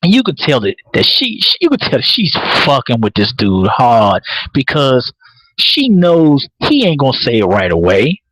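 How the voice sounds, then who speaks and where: On a rough recording with a bit of hiss or hum, a man in the mid-range talks at a moderate pace while hosting a live podcast. He's animated and laughs a lot as he recaps a TV episode in a loose, profane way, repeating words while he works up to each point.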